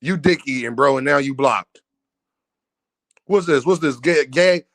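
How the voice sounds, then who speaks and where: A man's voice: medium pitch, unhurried, a bit bright, no echo, clean studio sound. A man hosting a boxing livestream, ranting at his viewers in a brash, profane, mocking way. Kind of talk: heated livestream rant at viewers.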